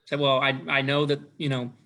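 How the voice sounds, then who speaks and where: A man's voice: mid-range voice, flat delivery, fairly quick, pushed and bright. A man hosting a casual business chat, easygoing and a little hesitant, often restarting his sentences. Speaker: host.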